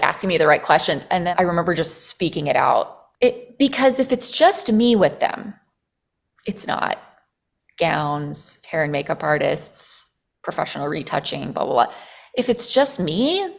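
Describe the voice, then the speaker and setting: A woman guest on a podcast, telling a personal story in casual conversation. She is animated, leans on "like" as filler, and swears freely. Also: low-pitched, moderate pace, gravelly.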